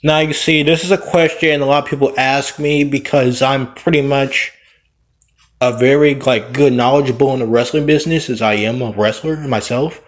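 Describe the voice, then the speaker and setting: A wrestler who vlogs gives a casual, rambling opinion piece while playing a game, often backtracking and correcting himself. His voice is medium in pitch with a steady tone and a moderate pace.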